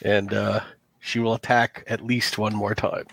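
A man running a tabletop game as game master, narrating in a loose, halting way with many restarts. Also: on the low side, little pitch movement, vocal fry, a bit bright, slightly rough, no echo.

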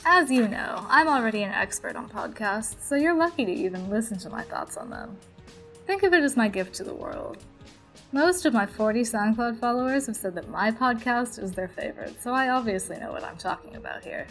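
A woman's voice: fairly high pitch, expressive, fairly quick, fairly bright tone, soft background music, low-quality recording. A woman parodying a self-absorbed podcast host in a sarcastic comedy monologue.

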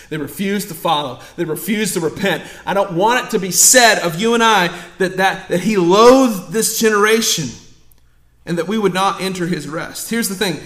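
Young man, pastor, emphatic sermon, hushed asides, raised appeals, high voice, roomy church echo. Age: young adult. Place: church sanctuary.

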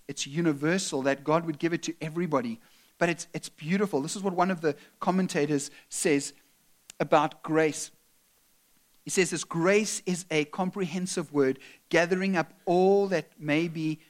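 Earnest male pastor preaching. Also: on the high side. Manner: earnest, shifts between emphatic and soft tender delivery. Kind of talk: sermon.

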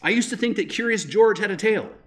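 A man's voice: sits high, lively intonation, quick pace. Conversational preacher man. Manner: conversational preaching, frequent rhetorical "right?". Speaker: pastor. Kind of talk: sermon.

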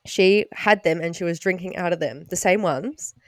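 A woman, co-hosting a podcast in casual chat, blunt and quick with frequent swearing. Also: fairly low pitch, no room sound, clean studio sound. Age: 20s. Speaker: podcast co-host.

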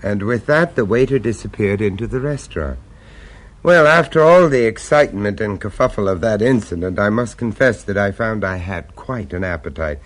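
A man's voice: on the low side, animated, moderate pace. A man narrating and acting in a radio drama, mild and polite, a little hesitant in dialogue.

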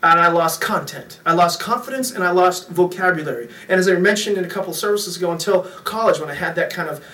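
A middle-aged male pastor delivers a sermon with a high, bright voice, joking and animated as he tells stories. He sounds set back from the microphone in an echoey room. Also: fast talker. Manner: storytelling, jokey, animated with impressions. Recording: echoey room, mic from a distance.

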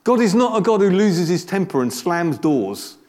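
A man's voice: high voice, sing-song, moderate pace, a little mellow. A man preaching a sermon in a conversational way, repeating words and asking the congregation rhetorical questions. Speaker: pastor.

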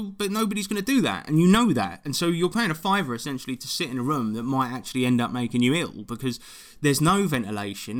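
A man's voice: mid-range voice, a bit bright. A man, ranting animatedly and swearing often in a casual chat. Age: 20s.

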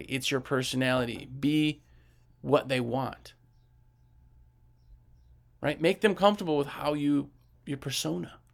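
A man giving casual business coaching tips, animated and conversational, asking rhetorical questions and acting out customers' voices. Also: on the high side, vocal fry.

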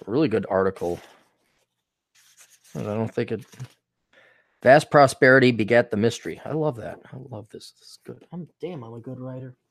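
A man's voice: medium pitch, moderate pace, vocal fry, pauses often, dry recording. A man hosting a podcast in a casual, rambling monologue, irreverent and profane. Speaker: podcast host.

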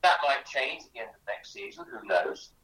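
Bright-voiced man telling stories, echoey room. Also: mid-range voice, sing-song, brisk, recorded from a distance. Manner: chatty anecdotes with many restarts. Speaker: author and guest. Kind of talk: animated storytelling in a radio interview.

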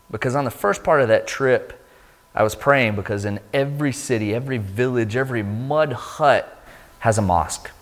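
A man shares a sermon testimony in an animated storytelling way, jumping up high when he acts out other people. His voice sits a little low, and the sound carries the long reverb of a large hall.

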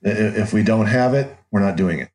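A man's voice: lowish voice, moderate pace, a little mellow. A middle-aged man telling his story as a podcast guest, rambling and restarting his sentences with short laughs. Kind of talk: casual conversational storytelling.

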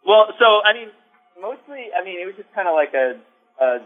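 A man's voice: high voice, very animated, a little fast. A man telling a story in casual chat, rambling with lots of likes and ums. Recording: phone-like line, faint music.

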